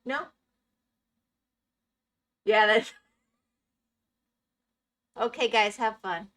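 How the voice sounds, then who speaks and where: Very slow and fairly bright, a woman's slightly high voice carries a casual Minecraft live stream. She chats with her viewers as she plays and laughs often.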